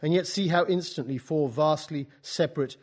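A man's voice: fairly high pitch, moderate pace, darkish tone. A man from Britain, an author, gives an informal talk to writers, reading from his book and speaking hesitantly and wryly. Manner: hesitant, many fillers and restarts, wry.

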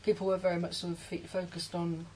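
A woman's voice: lowish voice, little pitch movement, fast, dark tone, poor audio. Brummie lady chatting on a poetry panel, keeps restarting her sentences, bit of hiss in the back. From Birmingham, England. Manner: chatty, self-interrupting, laughs easily. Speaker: poet. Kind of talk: casual panel discussion.

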